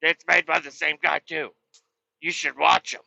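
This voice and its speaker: A woman's voice: low voice, level tone, normal speed, gravelly, bright, forceful tone, no echo, voice pushed up, heavily acted. A man voicing a chatty aunt who keeps insisting he watch the same shows. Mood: gushing. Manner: insistent, gushing, repetitive. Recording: dull lo-fi, dry.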